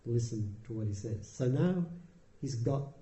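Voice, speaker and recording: A man giving a Buddhist dharma talk, telling the story in a relaxed, conversational way with dry humour. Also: mid-range voice, a little slow, slight background noise. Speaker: dharma teacher. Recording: roomy echo.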